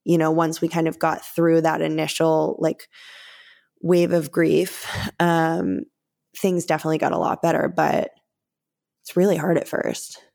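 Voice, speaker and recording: Woman podcast co-host, somewhat low-pitched, open personal storyteller. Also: measured pace, creaky, darkish tone. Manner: open storytelling, with many fillers. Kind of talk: casual chat.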